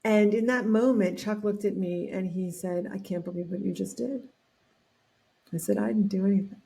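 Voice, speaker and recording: A woman talks as a guest on a podcast, her voice mellow and warm. She tells a personal story with animation, drops into the voices of the people in it, and restarts phrases as she thinks. Her pitch sits in the middle range. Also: normal speed, vocal fry. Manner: animated storyteller acting out quotes, frequent restarts.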